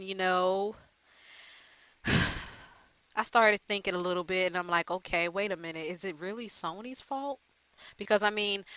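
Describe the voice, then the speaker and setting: Gamer girl ranting to her viewers, swears a lot, rambles, smooth bright voice, dry room. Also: on the low side, dry recording. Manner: chatty, profane, rambling with fillers. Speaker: gaming YouTuber. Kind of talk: casual chat to camera.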